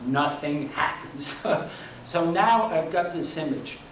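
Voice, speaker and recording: Older male storyteller, wry and self-mocking, slightly high voice, recorded from across a roomy hall with faint hum. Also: slow pace, a bit bright, recorded from a distance. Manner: wry, self-deprecating, laughs at his own punchlines. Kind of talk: personal story performed for a live audience. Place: library workshop room.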